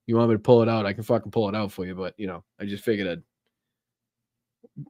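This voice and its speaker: A man's voice: lowish voice, steady tone, a little fast, long pauses, mellow, dry recording, studio quality. A man with a Boston accent hosting a live politics stream, chatting casually, swearing and laughing often as he rambles. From Massachusetts, USA.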